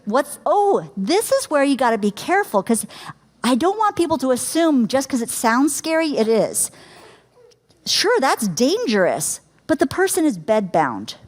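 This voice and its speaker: A woman's voice: high voice, big pitch swings, unhurried. Chatty woman teaching a caregiving workshop. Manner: chatty, laughs easily, asks the room questions. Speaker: caregiving educator. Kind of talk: live workshop talk to an audience. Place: lecture room with audience.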